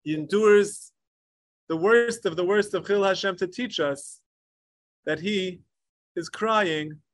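A man teaching a Torah lecture with passion, mixing Hebrew learning terms into English and swinging between emphatic peaks and hushed asides. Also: high-pitched, slow pace, no echo, clean studio sound. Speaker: rabbi. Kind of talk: Torah lecture on the Tisha B'Av kinos.

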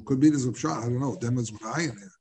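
A man teaching a Talmud class, halting and repeating words as he searches for them. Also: medium pitch, crowd noise.

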